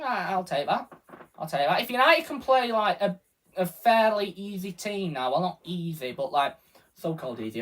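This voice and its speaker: A man's voice: a little high, fairly bright tone. A man giving rambling live reaction commentary as a football fan streamer, often correcting himself. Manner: rambling, self-correcting, partisan fan talk.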